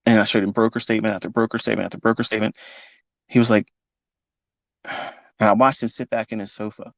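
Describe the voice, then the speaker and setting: A fifty-year-old man with a gravelly voice, telling a personal story off the cuff in a blunt, emotional way with plenty of swearing. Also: fairly low pitch, fairly even intonation, fast, no room sound. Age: 50s. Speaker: trading educator on a live talk. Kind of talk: unscripted live talk.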